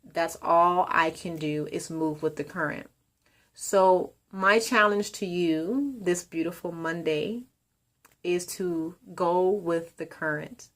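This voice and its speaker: Calm upbeat woman, slightly low voice. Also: slow pace. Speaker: colon hydrotherapist and business owner. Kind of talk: motivational video message.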